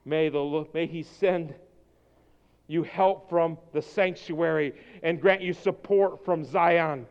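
A man preaching a sermon as pastor, swinging from quiet, intense passages to shouted exhortation. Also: fairly high pitch, takes it slowly, smooth, lo-fi sound. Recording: long hall reverb.

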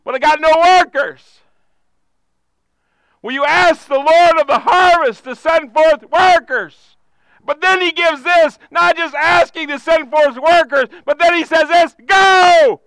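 High, bright-voiced impassioned male preacher. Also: measured pace, dry recording, rough recording. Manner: impassioned preaching, repetitive cadences, bursts of shouting. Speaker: pastor. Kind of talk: sermon.

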